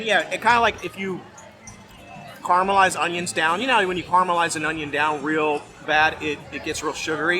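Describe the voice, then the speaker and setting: Man, vlogger, slightly high voice, rambling, hesitant, fillers, outdoors, music behind. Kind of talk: casual food-tasting chat. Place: outdoor festival.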